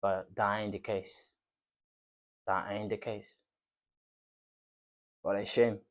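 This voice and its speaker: A man's voice: fairly low pitch, little pitch movement, takes it slowly. Passionate man ranting as a football fan. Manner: passionate, ranting, repetitive, slangy. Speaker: football fan channel host. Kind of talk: fan reaction rant to camera.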